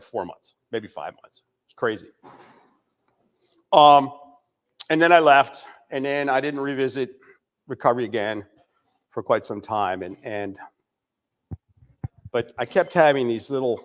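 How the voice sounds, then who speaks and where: An older man from the United States giving a candid recovery testimony, telling his story with frequent pauses and fillers. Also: medium pitch. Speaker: recovery speaker.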